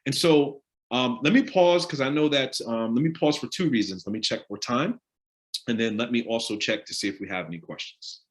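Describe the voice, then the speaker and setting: A man leading a live discussion, asking the audience direct questions in an animated way. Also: mid-range voice, fairly quick. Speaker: discussion leader on a live stream. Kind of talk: interactive talk with the audience.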